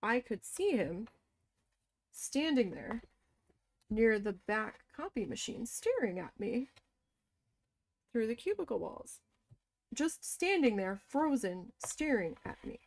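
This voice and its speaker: A woman casually telling a story from her past, animated and swearing as she quotes her own shocked reactions. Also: fairly high pitch, slow pace, long pauses. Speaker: crafting vlogger.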